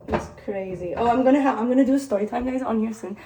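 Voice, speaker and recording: A woman's voice: fairly high pitch, mellow, distant mic. Young woman, vlogger, rambling, self-mocking, roomy echo, faint background noise. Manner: rambling, jokey, self-mocking, swears freely. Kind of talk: casual chat to camera.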